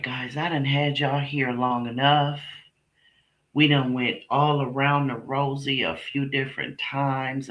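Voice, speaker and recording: A woman's voice: a bass voice, fairly bright tone. A middle-aged woman hosting a casual live stream, talking bluntly and emphatically to her viewers, often repeating herself and swearing. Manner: talks directly to chat viewers by name. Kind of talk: casual livestream chat with viewers.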